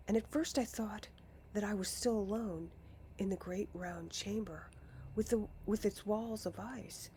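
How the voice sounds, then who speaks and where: A woman reading a storybook aloud in a deliberate way, often dropping into a hushed whisper. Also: mid-range voice, a little hiss or hum. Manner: slow, deliberate, often slipping into a hush. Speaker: narrator.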